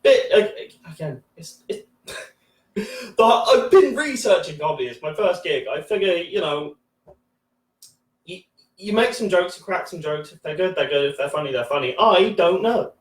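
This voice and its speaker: A man in his thirties doing a debut stand-up set, rambling and halting with lots of fillers, restarts and swearing. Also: high-pitched, expressive. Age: 30s. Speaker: stand-up comedian. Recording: echoey room from a distance.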